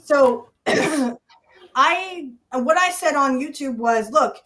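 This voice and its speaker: A woman's voice: high-pitched, animated, takes it slowly, bright, forceful tone. A woman co-hosting a casual wrestling review podcast, talking bluntly with swearing and mocking rants. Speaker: podcast co-host.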